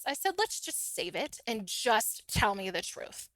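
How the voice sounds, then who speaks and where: A woman's voice: on the high side, unhurried, no room sound. A middle-aged woman, a podcast guest, casually telling her own story and acting out the dialogue in it. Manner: animated, acts out quoted dialogue.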